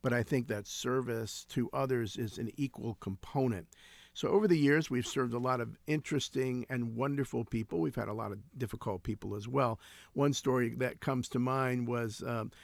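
Guest, male, 60s, mid-pitched with some gravel, earnest storyteller. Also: normal speed, no echo. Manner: earnest, reflective, with frequent restarts. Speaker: guest, founder of a homeless ministry. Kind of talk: conversational interview storytelling.

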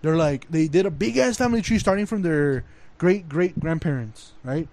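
A man's voice: fairly high pitch, normal speed, no echo. Dry-voiced young man telling stories. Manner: animated storyteller, swears freely, says "bro" a lot. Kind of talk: casual chat.

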